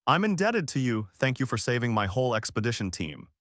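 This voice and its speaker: A man voicing a proud, guarded young noblewoman heir who speaks softly and awkwardly, in a dry recording. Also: medium pitch, sing-song, fairly quick, no room sound. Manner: soft and awkward.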